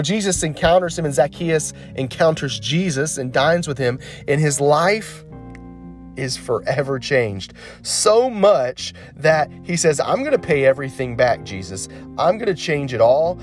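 Earnest male pastor preaching over soft guitar. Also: a little high. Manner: earnest, encouraging preaching with slow emphatic phrases. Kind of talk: sermon.

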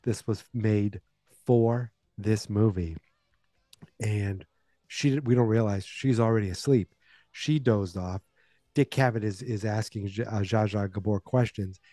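A man's voice: fairly low pitch, a little slow, mellow, no echo. A man in his forties, a podcast host casually retelling a movie plot with wry asides.

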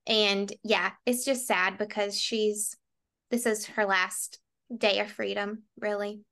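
A book podcast co-host speaks in a medium-pitched, slightly bright voice, slowly and with little pitch movement. She's casual and strongly opinionated, saying "like" all the time.

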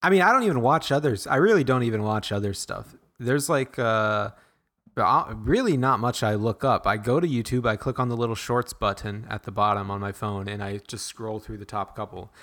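A man's voice: on the low side, a little fast, a bit bright. A man co-hosting a podcast, rambling in casual chat, restarting sentences often. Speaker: podcast co-host.

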